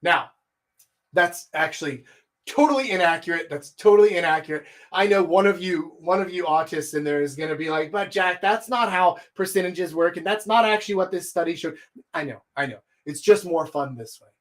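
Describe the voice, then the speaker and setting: Live-streaming a dating coaching session, this man from Texas, at least in his thirties, speaks bluntly and with plenty of energy. His pitch and volume rise and fall sharply to underline what he's saying.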